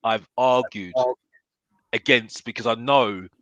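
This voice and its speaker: A man's voice: mid-range voice, takes it slowly, fairly bright tone, no room sound, lo-fi sound. A man giving blunt football opinions in a casual debate, emphatic, forever tagging his points with "yeah?". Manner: emphatic, keeps asking "yeah?"; blunt and fired up. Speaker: football fan pundit guest.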